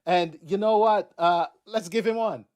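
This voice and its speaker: A man hosting a live online show, unhurried and with many fillers as he introduces guests. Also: high-pitched, a little mellow, a little hiss or hum.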